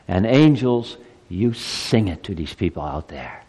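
A man in his fifties preaching a Christmas sermon to his congregation. His delivery swings between soft, quiet asides and loud, high climaxes. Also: lively intonation, normal speed, in a large hall. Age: 50s. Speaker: pastor.

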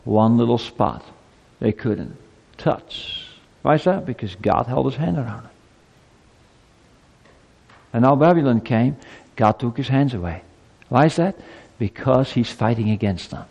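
Male pastor, emphatic sermon delivery, keeps asking the room questions, stumbles over repeated words, mid-pitched voice, long hall reverb. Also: lively intonation, a little slow, creaky, pauses often, a little mellow, muffled recording. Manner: emphatic preaching with rhetorical questions and stammered repeats.

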